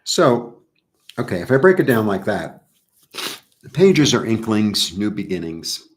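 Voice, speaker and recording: A middle-aged man chatting casually through a live tarot reading, rambling with animated asides. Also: lowish voice, a little slow. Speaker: tarot reader.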